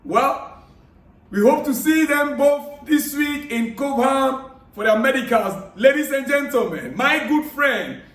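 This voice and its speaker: A man vlogging about football news, chatting casually and giving friendly, repetitive shout-outs while reading viewer comments aloud. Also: extremely high pitch, animated, a little slow. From Africa. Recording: echoey room, distant mic.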